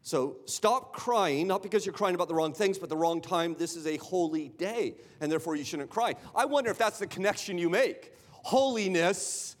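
A man with a noticeably high voice preaches a sermon in a church sanctuary, chatty and direct, checking in with rhetorical questions and stumbling over repeated words. His voice trails off into a long, ringing hall reverb. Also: fast, few pauses. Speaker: pastor.

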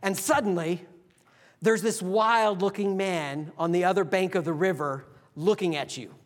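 A pastor preaching a sermon, telling the story vividly and acting out the quotes. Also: male voice, sits high, moderate pace, big-room sound.

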